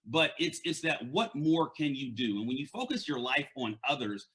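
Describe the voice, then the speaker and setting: A man's voice: mid-range voice, lively intonation, normal speed, fairly bright tone. A man with a stutter giving an earnest, conversational motivational talk as a leadership and mindset coach, often repeating words.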